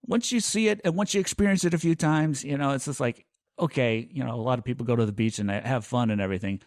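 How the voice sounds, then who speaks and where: A man's voice: medium pitch, quick pace, darkish tone, no echo, studio quality. A man in his forties co-hosting a podcast, talking in a laid-back, self-deprecating way. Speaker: podcast co-host. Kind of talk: casual chat.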